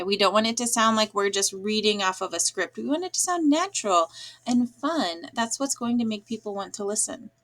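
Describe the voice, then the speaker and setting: A woman teacher giving a lesson to children, speaking slowly and clearly with frequent pauses and "um"s. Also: mid-range voice, fairly bright tone. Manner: encouraging, slow and clear, with frequent "um"s.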